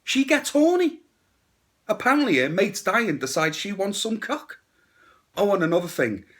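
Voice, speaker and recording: Lively blunt male movie reviewer. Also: high voice, moderate pace. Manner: blunt and crude, with sarcastic asides. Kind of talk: casual spoken movie review.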